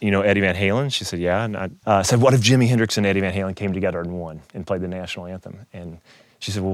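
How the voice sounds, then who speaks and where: Fast-talking man telling stories. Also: lowish voice, no echo, studio quality. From Kentucky, USA. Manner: animated storyteller who acts out quoted voices. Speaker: keynote speaker, guitarist. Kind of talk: casual storytelling interview.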